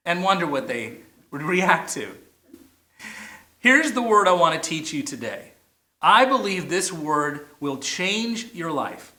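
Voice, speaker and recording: A man's voice: fairly high pitch, bright, forceful tone, reverberant. A man preaching a sermon as pastor, playful, stretching out single words for emphasis. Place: church, message shown on a big screen outdoors.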